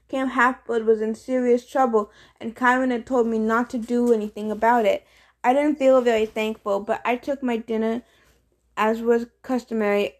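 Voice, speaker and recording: A woman reading a chapter of a novel aloud in steady storytelling narration. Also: on the high side. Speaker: reader. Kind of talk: audiobook reading.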